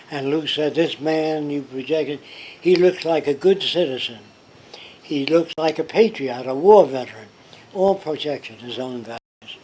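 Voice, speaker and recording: A man's voice: medium pitch, a little mellow, a little hiss or hum, low-quality recording. Older man telling stories in a pub. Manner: anecdotal, acts out quoted people. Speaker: interviewee. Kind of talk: casual storytelling conversation. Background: pub ambience.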